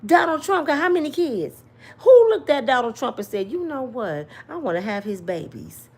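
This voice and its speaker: A woman's voice: sits high, very animated, moderate pace, breathy edge. A woman giving an emphatic, slangy opinion rant to her viewers, full of rhetorical questions. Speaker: commentary vlogger.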